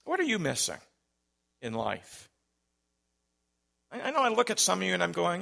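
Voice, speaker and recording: A male pastor giving an Easter sermon, earnest and building to loud calls to the congregation. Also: high voice, wildly swooping pitch, normal speed, creaky.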